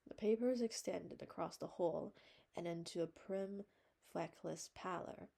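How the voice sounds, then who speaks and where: A woman reading a classic novel aloud, narrating calmly and evenly. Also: fairly low pitch, unhurried, gravelly. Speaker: reader. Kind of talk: storybook narration.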